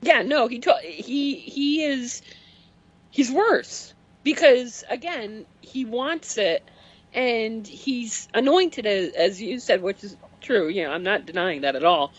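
A man calling in to a radio show, talking in a halting, self-deprecating way. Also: very high-pitched, expressive, slightly rough, highs cut off. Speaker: caller. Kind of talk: call-in radio chat.

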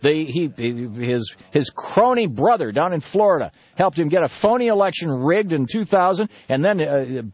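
A man's voice: a little high, expressive, moderate pace, few pauses, breathy edge, dry recording, pitched above the performer's own voice. A man putting on the voice of a pushy foreign invader, in a mocking, sing-song way. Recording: dull, slightly lo-fi radio broadcast.

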